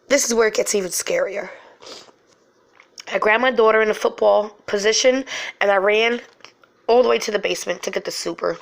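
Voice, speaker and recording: A middle-aged woman hosting a show, telling a true frightening story from her life in an animated, emotional way full of fillers. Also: mid-range voice, brisk, gravelly, long pauses. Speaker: host. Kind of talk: personal storytelling.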